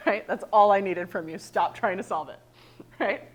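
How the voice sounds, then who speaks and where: A woman trainer presenting a workshop, lively and animated, often checking in with "right?". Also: mid-range voice, measured pace.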